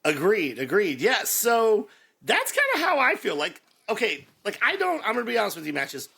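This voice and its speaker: An animated man co-hosting a movie podcast, jumping in with jokes. His voice is bright and gravelly with a husky edge. His pitch swings widely as he talks. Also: normal speed. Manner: animated, joking, jumps in often. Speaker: podcast co-host. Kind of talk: casual chat.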